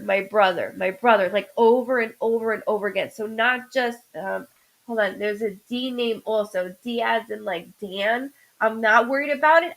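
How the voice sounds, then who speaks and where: Halting woman giving a live psychic reading. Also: a little high, a bit bright, low-quality recording. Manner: halting, stops to say "hold on" and restarts a lot. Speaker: psychic medium host.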